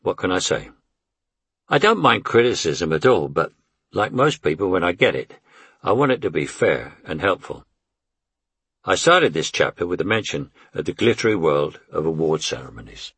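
A man's voice: sits low, sing-song, moderate pace, a bit bright, breathy edge, dry recording. A man in his eighties with a London Cockney accent, reading his memoir in a wry, conversational way. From England. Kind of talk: audiobook memoir narration.

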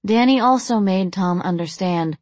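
This audiobook narrator is a woman with a medium-pitched voice who keeps a moderate pace and a steady, even storytelling style. The recording has no echo.

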